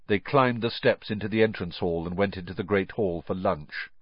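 A man narrating an audiobook in a steady, expressive reading. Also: deep voice, normal speed, hardly any pauses, breathy edge, dry recording, lo-fi sound.

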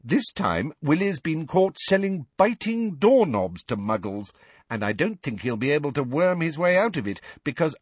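A man's voice: medium pitch, husky, no echo, voice pushed up. A man voicing a kindly middle-aged wizard father, chatty and evasive, in an audiobook reading. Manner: chatty, animated.

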